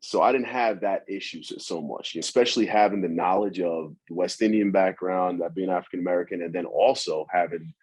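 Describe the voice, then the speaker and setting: Middle-aged guy on a podcast, talks fast, kinda husky, keeps restarting sentences. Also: low voice, darkish tone, low-quality recording. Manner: quick, conversational, frequent restarts. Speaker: podcast guest. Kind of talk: casual podcast conversation.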